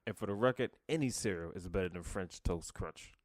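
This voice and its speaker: Low-voiced man with a slight stutter. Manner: slow, careful wording, chuckling. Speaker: podcast co-host. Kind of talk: casual chat.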